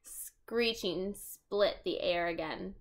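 A woman's voice: fairly low pitch, takes it slowly. A woman reading a children's chapter book aloud, adding chatty asides.

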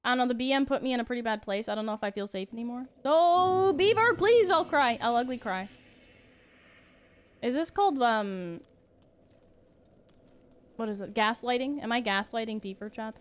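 A woman's voice: on the high side, brisk, pauses often, clean tone. A young woman from Canada streaming a video game, chatting playfully with her audience and laughing often. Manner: playful and giggly, reads chat aloud. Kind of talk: casual gaming livestream chat.

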